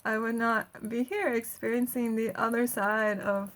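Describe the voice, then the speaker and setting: A woman's voice: a little high, fairly even intonation, measured pace, a bit bright. A woman energy healer giving a casual guided healing talk, chatty and laughing often between phrases.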